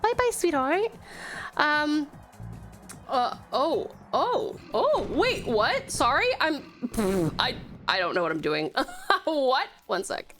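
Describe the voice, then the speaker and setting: A woman from Tasmania with an Australian accent, chatting excitably through a live game stream, swearing and laughing readily. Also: high-pitched, takes it slowly, soft background music.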